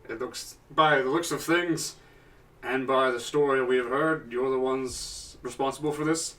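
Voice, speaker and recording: A man voicing a grave, formal male centaur who leads a caravan, speaking in a measured, low way. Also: steady tone, pushed and bright, distant mic, close to an everyday voice, rough recording. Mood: stern.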